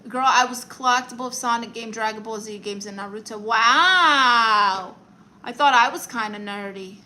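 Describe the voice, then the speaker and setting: A woman's voice: on the high side, steady tone, pushed and bright, low-quality recording. A young woman from Brooklyn with a New York accent, reading viewer comments aloud and answering them in a sassy, playful way on a casual home live stream. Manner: sassy, playful, quick comebacks.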